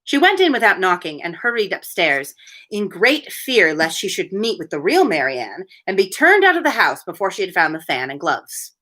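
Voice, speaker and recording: A woman hosting a relaxed read-aloud, mixing narration with chatty commentary. Her voice is bright and crisp. Her pitch moves a lot, giving an animated lilt. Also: normal speed. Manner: chatty, laughs at her own asides. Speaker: host reading aloud.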